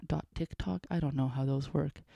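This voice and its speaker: Young female musician host, dark mellow tone, dry close sound, rambling and full of fillers. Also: deep voice, fairly even intonation, normal speed, creaky, dry recording, muffled recording. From Canada's Northwest Territories. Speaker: musician hosting a show. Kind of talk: casual solo show talk.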